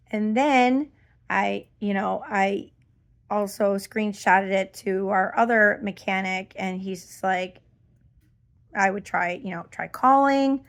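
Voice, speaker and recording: A woman's voice: medium pitch, a little slow. A middle-aged woman ranting in a casual vlog, exasperated and rambling with lots of fillers. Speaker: vlogger.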